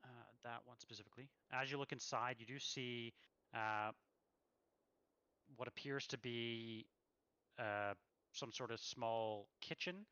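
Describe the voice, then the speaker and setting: A man's voice: mid-range voice, slow pace, pauses often, sharp tone, clear, resonant tone, dry recording, highs cut off. A man running a tabletop game as game master, describing scenes with many fillers.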